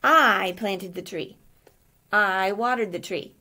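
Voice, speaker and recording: A woman's voice: on the high side, very animated, unhurried, creaky, a little mellow, breathy edge, exaggerated voice. A woman voicing a hardworking, patient little elf in a read-aloud storybook. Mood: fed up. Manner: sweet and patient.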